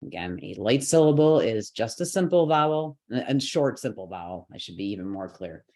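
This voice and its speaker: A man's voice: lowish voice, big pitch swings, fairly quick, darkish tone. A man teaching a chant lesson online, explaining the rules patiently step by step, with light laughs now and then. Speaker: yoga and mantra teacher.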